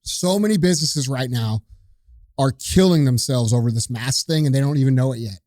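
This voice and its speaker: A man delivering a forceful, profane rant as a podcast host. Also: mid-range voice, brisk, dry recording, studio quality. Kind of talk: opinionated rant.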